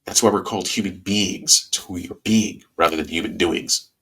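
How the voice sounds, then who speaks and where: Stuffy-nosed, animated male podcast host. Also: low voice, normal speed, husky. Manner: animated, folksy, bursts of excitement. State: stuffy nose. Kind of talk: casual podcast monologue.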